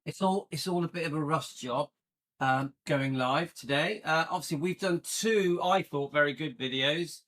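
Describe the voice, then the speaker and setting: A man's voice: on the high side, normal speed, fairly bright tone. A man in his fifties from Britain, hosting a casual livestream and rambling with fillers as he gets set up. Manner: rambling, searching for words. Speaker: channel host.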